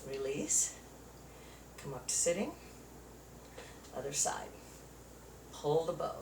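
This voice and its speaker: With a low pitch, big pitch swings, and a slow pace, a woman runs a chair yoga class, counting through movements and encouraging everyone while slightly winded. The clip has a roomy echo and faint noise, taken on a far-off mic.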